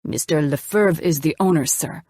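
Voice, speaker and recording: A woman's voice: sits low, normal speed, darkish tone, dry recording, studio quality. A woman voicing a male waiter who speaks formally and deferentially. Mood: stiffly polite. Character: stiff, polite male restaurant waiter.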